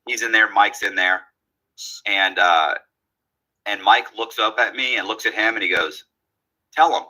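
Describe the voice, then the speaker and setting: This man's voice sits on the low side and moves at normal speed as he casually recounts a long story, bringing the quoted dialogue to life in an animated way. The recording is low quality.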